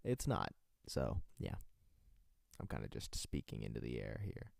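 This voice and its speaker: A man's voice: very deep voice, huge pitch swings, unhurried, vocal fry, a little mellow, no echo. A young man from North Carolina hosting his own amateur radio show, rambling and self-mocking with many fillers and restarts. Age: late teens. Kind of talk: rambling solo radio talk. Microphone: headphones and desk mic.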